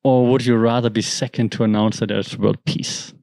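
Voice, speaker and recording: In a gravelly, darkish mid-range voice with little pitch movement, the host talks at normal speed through the news. He is a native German speaker whose casual monologue rambles and restarts frequently, and the recording has no room sound.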